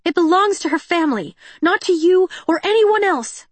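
Lady doing a stubborn teen girl yelling she did nothing wrong, high and urgent, dead dry sound. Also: lively intonation, slow pace, no room sound, full character voice. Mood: protesting. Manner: urgent, pleading, raised in protest. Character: defiant teenage girl mechanic on the run.

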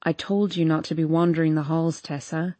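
A woman voicing a low, bossy young man. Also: fairly even intonation, measured pace, warm tone, no room sound. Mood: low teasing. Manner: low murmuring delivery.

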